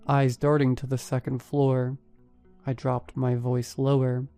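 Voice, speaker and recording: A man narrating a first-person horror story in a steady, even storytelling manner. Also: medium pitch, a little slow, clean tone, soft background music. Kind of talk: scripted narration.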